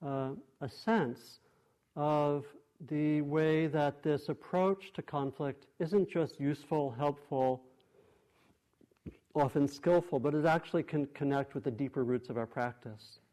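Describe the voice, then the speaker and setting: A man whose voice sits on the high side, steady and mellow, teaches meditation through a dharma talk to a group in a meditation hall. His speech is thoughtful and unhurried, with frequent pauses and restarts.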